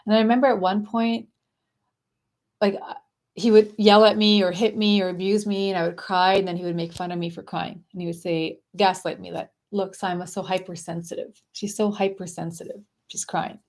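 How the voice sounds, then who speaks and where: A woman coaching viewers on a casual live stream, talking in a soft, dreamy and effusive way. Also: medium pitch, little pitch movement, brisk. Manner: gushing, affectionate and effusive; soft, dreamy spiritual phrasing.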